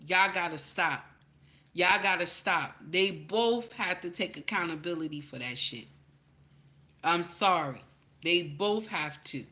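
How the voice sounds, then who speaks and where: Bright-voiced lady ranting to camera, preachy and cussing, keeps saying baby, repeats herself hard. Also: on the low side, lively intonation, unhurried. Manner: preachy, blunt and profane, calls listeners "baby"; repeats points for emphasis, rising to loud outbursts. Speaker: commentary channel host. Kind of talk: emphatic opinion commentary to camera.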